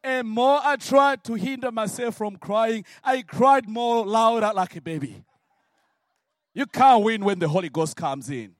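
A man from Africa preaching a sermon and telling his own story, swinging from hushed words to shouted prayer. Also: high-pitched, measured pace, dry recording, studio quality. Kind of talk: sermon testimony.

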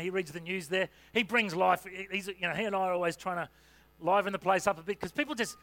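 A man's voice: high voice, a bit bright, no echo. A man preaching a sermon in a conversational, humorous way, with asides and fillers. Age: adult parent.

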